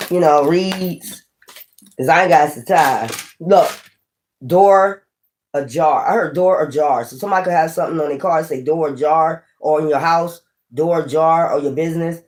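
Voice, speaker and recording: A woman's voice: low voice, darkish tone, slight background noise. A woman giving a casual spiritual tarot reading, blunt, profane and preachy, rambling with frequent restarts. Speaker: tarot reader.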